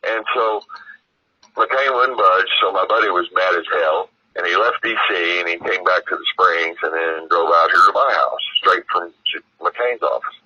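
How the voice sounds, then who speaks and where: Husky low-voiced man, rambling story. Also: normal speed, muffled recording. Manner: rambling, profane, lots of "you know". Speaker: interview guest. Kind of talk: casual storytelling.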